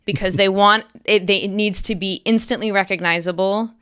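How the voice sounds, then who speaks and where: A woman's voice: medium pitch, steady tone, a little fast, fairly bright tone, smooth. A woman actress talking as an interview guest in casual, enthusiastic, emphatic chat. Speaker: guest actress and accent coach.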